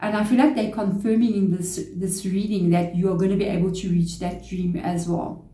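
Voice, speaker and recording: A woman reads tarot cards aloud in a loose, chatty way, passing along messages she says come from spirit. Her voice is mellow and warm, and the room around her rings with a roomy echo. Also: medium pitch, little pitch movement. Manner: chatty, relaying spirit messages, quick laughs. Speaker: tarot reader. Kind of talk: casual tarot reading to camera.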